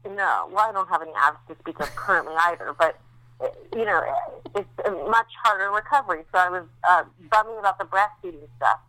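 Bright-voiced woman chatting candidly. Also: lowish voice, animated, brisk, no room sound, rough recording. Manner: chatty, candid storytelling with many fillers. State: recovering after recent childbirth. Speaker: podcast co-host. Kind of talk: casual chat.

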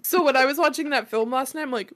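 A woman's voice: high-pitched, fast, fairly bright tone, slight background noise. A woman co-hosting a casual podcast chat, gushing and talkative. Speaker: podcast co-host.

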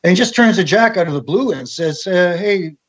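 A man with a husky, slightly high voice chats casually as an interview guest. He tells anecdotes and acts out the voices of people he quotes. The recording sounds dull and lo-fi. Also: animated, brisk. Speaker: guest, former wrestling referee.

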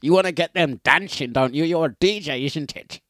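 A man's voice: a little high, moderate pace, fairly bright tone, no room sound, clean studio sound. A man hosting a breakfast radio show in casual, teasing, playful chat. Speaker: radio DJ and host.

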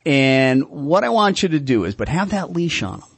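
A man's voice: a little high, sing-song, normal speed, gravelly, breathy edge, no room sound. A man hosting a call-in radio show, coaching a caller on dog training in a direct way and checking in with "okay?".

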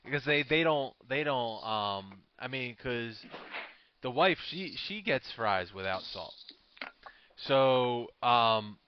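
A man's voice: mid-range voice, expressive, slow, lo-fi sound, noisy background. A man co-hosting a live podcast, reacting with easy laughs and casual chat. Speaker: podcast co-host.

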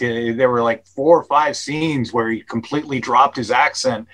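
A man's voice: mid-range voice, steady tone, normal speed, a bit bright, poor audio. A man guest on a podcast explaining his film at length, with many fillers and restarts. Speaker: actor and filmmaker guest. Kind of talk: casual interview chat.

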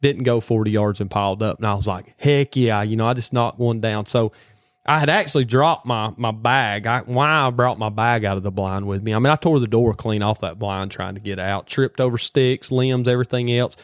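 Man, folksy storyteller, lively and excited, dry close sound. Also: fairly low pitch, a little fast, no room sound. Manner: animated, folksy rural slang. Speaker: hunter telling a story. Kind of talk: casual storytelling.

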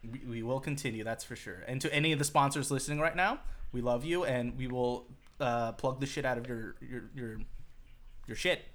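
A man with a bright, forceful voice talks loosely on a podcast. He rambles, swears often and acts out other people's lines in quick bursts. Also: medium pitch. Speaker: podcast co-host. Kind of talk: casual chat.

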